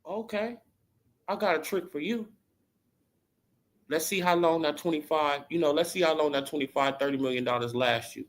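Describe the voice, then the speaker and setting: Brief: man doing a vindictive fight-game manager, taunting, swinging from low growls to high jeers. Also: expressive, normal speed, pauses often, natural voice. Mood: threatening. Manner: taunting, scolding, rhetorical questions. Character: controlling, spiteful male boxing manager.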